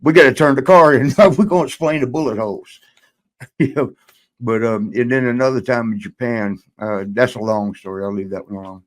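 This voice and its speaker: A man's voice: medium pitch, steady tone, normal speed. An older man, a guest in a shoot interview, telling a rambling story and laughing now and then.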